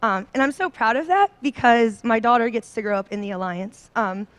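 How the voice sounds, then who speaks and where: A woman in her thirties, her voice on the high side, expressive and fairly quick, addresses a seminar audience on a handheld mic in a dry recording. The talk is personal, and she's bubbly and a little nervous, full of ums and likes.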